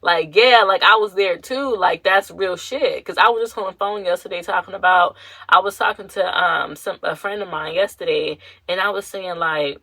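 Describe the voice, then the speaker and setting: A woman's voice: on the low side, steady tone, moderate pace, vocal fry, fairly bright tone, husky, no room sound, rough recording. A young woman hosting her own podcast, talking candidly and rambling, with lots of fillers and slang. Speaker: podcast host. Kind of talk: casual personal podcast talk.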